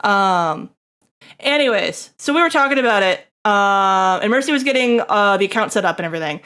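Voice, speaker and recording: A woman's voice: mid-range voice, expressive, a little fast, a bit bright, clean tone. A young adult woman streaming, chatting casually to her viewers in a rambling way, swearing freely and laughing often. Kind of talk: casual live-stream chat.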